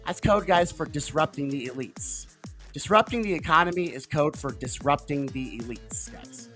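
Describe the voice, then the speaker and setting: A man hosting a political livestream, talking in a fervent, rambling way with big swings in loudness. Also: a little high, expressive, moderate pace, faint music behind. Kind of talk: casual political livestream commentary.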